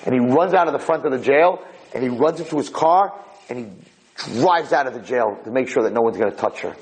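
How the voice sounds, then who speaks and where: A man telling a dramatic story in a lecture, animated and acting out the characters' voices. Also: mid-range voice, brisk, low-quality recording.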